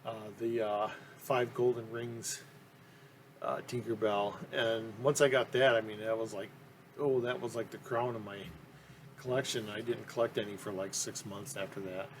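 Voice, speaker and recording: A man's voice: fairly low pitch, steady tone, moderate pace, a little hiss or hum. A man talking casually about his collecting, rambling and enthusiastic, with frequent ums and restarts. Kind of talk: casual interview talk.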